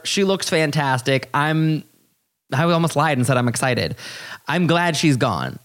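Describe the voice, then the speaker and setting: A man hosting a podcast, talking in animated, exasperated, profane bursts that leap up high. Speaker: podcast host. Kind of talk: casual podcast commentary.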